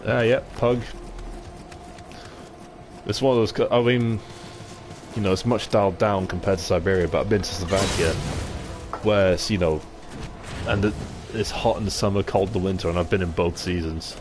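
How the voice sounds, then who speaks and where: A young British man with a low, deep voice, reading chat comments on a live stream in an easygoing way. He swears freely and laughs along with his viewers. Music plays clearly behind him. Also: steady tone, moderate pace, long pauses. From Britain. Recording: music playing in the background.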